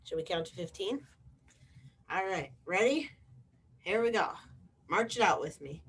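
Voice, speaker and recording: A woman's voice: medium pitch, animated, a little slow, long pauses, husky. A young preschool teacher leads virtual circle time from home. She talks right to little kids in an encouraging way. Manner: bright, encouraging, talks straight to small children.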